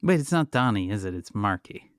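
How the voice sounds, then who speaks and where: A man's voice: lowish voice, very animated, brisk, no echo, clean studio sound. A man co-hosting a podcast, teasing and playful in casual chat. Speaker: podcast co-host.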